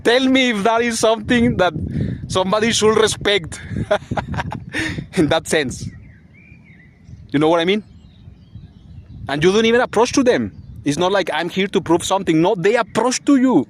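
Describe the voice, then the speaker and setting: A man's voice: high-pitched, lively intonation, unhurried, long pauses, slight background noise. A man giving a rambling, agitated vlog monologue, swearing and laughing bitterly as he rants. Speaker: vlogger.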